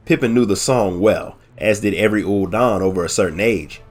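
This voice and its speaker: A man with a nasal, congested voice from allergies, narrating a game lore story in measured audiobook style and hosting his channel. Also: lowish voice, faint music behind. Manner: measured, friendly sign-offs.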